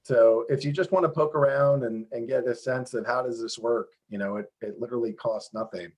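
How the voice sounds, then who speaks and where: A man being interviewed over a video call, explaining how his game works in a lively, fast, self-interrupting way. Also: mid-range voice, slight background noise. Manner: animated, talks fast with many restarts and fillers. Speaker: game developer guest.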